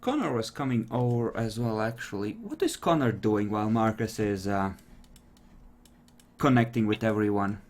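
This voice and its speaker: A man's voice: lowish voice, expressive, moderate pace, darkish tone. A man running a tabletop role-playing game, explaining things with frequent fillers. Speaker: game master.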